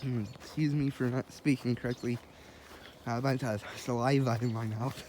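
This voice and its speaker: A man's voice: medium pitch, fairly even intonation, normal speed, noisy background. A man casually narrating his outdoor walk, rambling and laughing at himself. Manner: rambling, self-amused, talks to himself. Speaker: vlogger. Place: outdoors in wet grass and woods.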